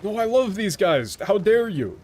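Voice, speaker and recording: A man streaming a game, casually explaining the translation in an animated, profane way. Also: sits high, measured pace, slight background noise.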